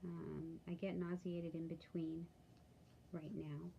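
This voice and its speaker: A tired woman talking candidly in a casual video diary, with halting speech and many pauses and fillers. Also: low-pitched, little pitch movement, gravelly, dull audio, slight background noise. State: tired, yawning. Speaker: vlogger.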